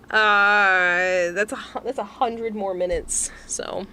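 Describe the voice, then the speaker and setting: Speaking in a mid-range, animated voice that's pushed and bright, with drawn-out words, this young VTuber from Massachusetts has a Boston accent. A little hiss or hum sits under her giggly, chatty stream as she reads and answers chat.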